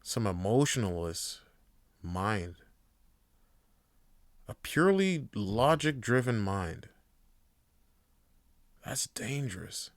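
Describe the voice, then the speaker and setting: A man's voice: on the low side, sing-song, slow pace, pauses often, dry recording, clean studio sound. A man hosting a podcast, talking in a casual, rambling way and ranting with plenty of swearing. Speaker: podcast host.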